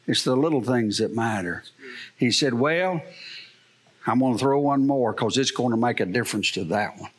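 A man's voice: mid-range voice, sing-song, normal speed. A middle-aged male pastor preaching a sermon, telling a story and asking the congregation rhetorical questions.

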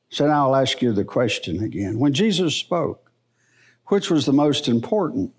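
Slow, animated man teaching in church. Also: high voice. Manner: slow, animated, folksy preaching. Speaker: Bible teacher. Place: church service.

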